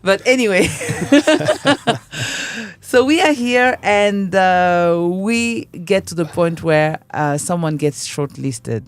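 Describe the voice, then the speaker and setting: A woman hosting a radio talk show, chatty and quick to laugh. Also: fairly low pitch, lively intonation. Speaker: radio host. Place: radio studio.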